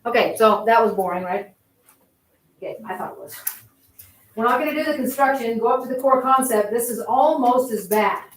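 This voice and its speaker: A woman teacher lectures her math class in a loose, conversational way, circling back and repeating her points. Her voice sits at an ordinary pitch. She is picked up from across a roomy, echoing classroom. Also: a little fast. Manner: conversational, repeats herself while explaining. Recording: roomy classroom audio from a distance.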